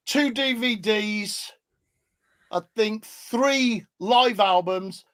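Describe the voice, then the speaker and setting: Animated high-voiced man. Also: smooth, no echo. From England. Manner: animated, grows loud and laughing in stories. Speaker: guest musician. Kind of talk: casual chat, storytelling.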